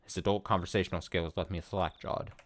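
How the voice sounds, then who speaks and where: With a deep voice and a brisk pace, a man reads a visual novel for a let's play. He keeps interrupting himself between lines with eager, paranoid rambling.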